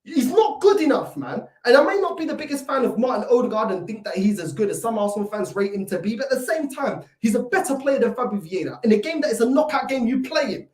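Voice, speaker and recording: A woman's voice: fairly high pitch, sing-song, fast, few pauses, darkish tone, roomy sound. A woman hosting a football fan channel, delivering a heated, swearing reaction rant sprinkled with Portuguese words.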